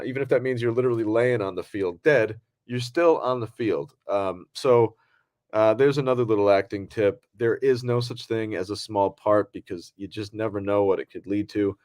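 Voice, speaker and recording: A man's voice: on the low side, a little mellow, dry recording, studio quality. A man co-hosting a podcast, talking casually in a rambling way with many fillers and restarts. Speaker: podcast co-host.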